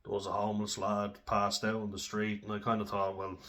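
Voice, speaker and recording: A man's voice: on the low side, completely flat delivery, a little fast, a bit bright. A young Irish man telling candid, sweary stories about his own drinking, casual and self-deprecating. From Ireland. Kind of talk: candid personal storytelling.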